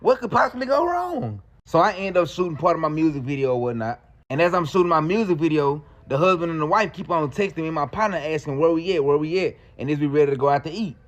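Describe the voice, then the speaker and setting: A man telling a story in casual slang, animated and acting out the people in it. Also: on the high side, fast talker. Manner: animated, slangy, acts out quotes.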